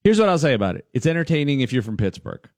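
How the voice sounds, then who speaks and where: Animated man telling stories, dry sound. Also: medium pitch, rapid-fire, no echo. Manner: animated storyteller who acts out quoted people. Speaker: podcast co-host. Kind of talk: casual chat.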